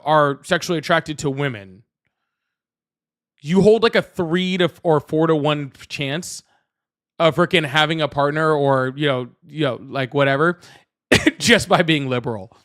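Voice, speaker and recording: A man's voice: fairly high pitch, fairly bright tone. A man hosting a live political debate stream, chatting casually and rambling to his viewers. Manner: rambling, repeats himself, talks straight to chat. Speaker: livestream political debate host. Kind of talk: casual livestream chat.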